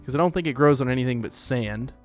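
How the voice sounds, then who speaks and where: A man's voice: mid-range voice, quick pace, faint music behind. A man hosting a let's play, rambling casually as he plays, with lots of fillers. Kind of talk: casual gameplay commentary.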